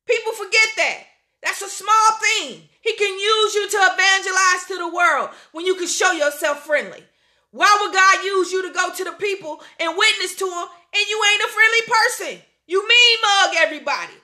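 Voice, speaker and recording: A woman preaching a sermon, fervent and playful, often shouting praise and laughing through goofy asides. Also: very high-pitched, normal speed. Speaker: pastor.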